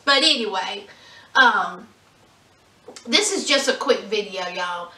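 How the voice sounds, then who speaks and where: A woman's voice: medium pitch, animated, slow pace, bright, forceful tone, echoey room, distant mic, rough recording. A woman from southwest Virginia with a thick Southwest Virginia accent, chatting to her viewers in a sassy, drawling way with lots of ums. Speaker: vlogger. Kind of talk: casual chat to camera.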